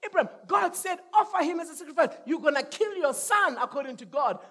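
A male pastor preaching an energetic sermon, shouting lines for the congregation to repeat and whooping. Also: very high voice, brisk.

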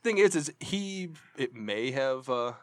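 A man telling a story in casual podcast chat, profane and animated. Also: mid-range voice, takes it slowly, crowd noise. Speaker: podcast co-host.

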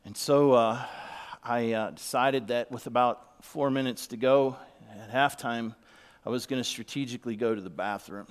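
A man's voice: medium pitch, normal speed, smooth. A middle-aged man giving a sermon as a pastor, telling a heartfelt story and sometimes dropping to a whisper. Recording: long reverb of a large hall.

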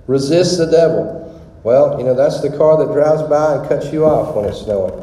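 A man's voice: on the high side, normal speed, mellow. A man preaching a casual, rambling testimony sermon full of fillers. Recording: very echoey hall with long reverb.

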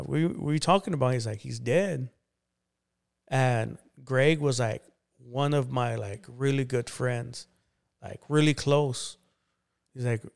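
Smooth-voiced man telling his story. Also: mid-range voice. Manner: relaxed, conversational, many fillers like "you know". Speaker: pastor, interview guest. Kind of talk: casual storytelling.

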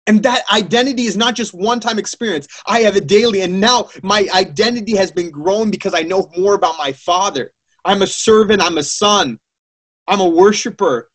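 A young adult man preaching a sermon with passion, often restarting his sentences. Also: high-pitched. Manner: impassioned, many restarts.

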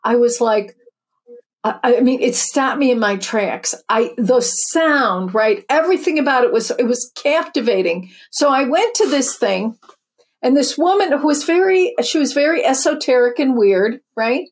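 A woman in her fifties or older, a spiritual teacher and author, tells her story in an interview. Her voice is high with lively intonation at a normal speed, and she comes across earnest and chatty, restarting often.

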